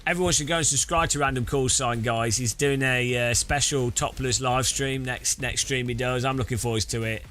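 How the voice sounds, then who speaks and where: A man's voice: medium pitch, fairly even intonation, moderate pace, hardly any pauses, a bit bright. A man casually chatting on a sim-racing live stream, joking and rambling as he reads chat aloud.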